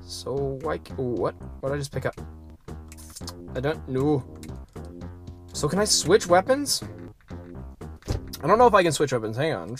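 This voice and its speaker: Goofy gamer with a bouncy, lively voice. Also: medium pitch, a little slow, pauses often, faint music behind. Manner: goofy, chatters to enemies, makes silly sound effects; sudden excited exclamations. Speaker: let's play host. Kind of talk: casual gameplay commentary.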